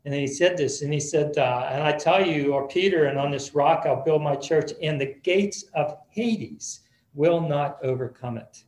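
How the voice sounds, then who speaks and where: A man's voice: on the high side, moderate pace, darkish tone, reverberant, low-quality recording. A man preaching a sermon as pastor in an easygoing, conversational way, often repeating words as he restarts.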